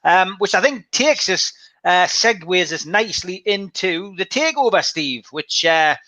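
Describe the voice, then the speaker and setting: A man's voice: high voice, expressive, measured pace, pushed and bright, no echo. A man hosting a casual football podcast, upbeat and enthusiastic as he reads viewer comments. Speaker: podcast host.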